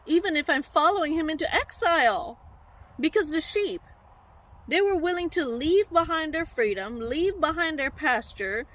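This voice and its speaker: Brief: woman preacher, high voice, animated heartfelt sermon storytelling. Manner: animated, heartfelt, direct to listeners.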